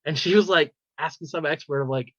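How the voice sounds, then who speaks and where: Man, podcast co-host, casual chat, animated retelling, bright tone, slightly dull sound. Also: on the high side, brisk, no room sound. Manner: animated retelling, many "like"s and restarts. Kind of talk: casual pop culture chat. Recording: slightly dull, dry recording.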